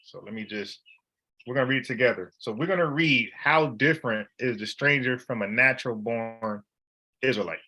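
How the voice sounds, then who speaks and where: A man's voice: mid-range voice, moderate pace, bright, forceful tone. A man leading an informal Bible study, talking in an emphatic, slangy, conversational way.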